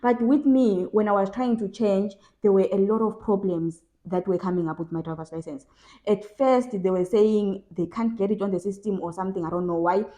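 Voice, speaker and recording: A woman's voice: medium pitch, normal speed, warm tone. A young woman from South Africa giving casual advice in a vlog, emphatic and repeating phrases for stress. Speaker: vlogger.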